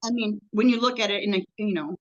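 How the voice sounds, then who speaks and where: Woman interview guest, mid-pitched, halting and rambling storyteller, dull lo-fi audio. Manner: rambling, halting storytelling with many ums and restarts.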